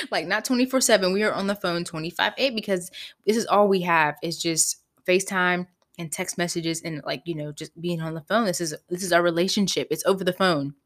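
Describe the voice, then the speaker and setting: A young woman hosting a podcast, telling a personal story in a candid, animated way, swearing freely. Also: lowish voice. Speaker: podcast host. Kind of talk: casual storytelling.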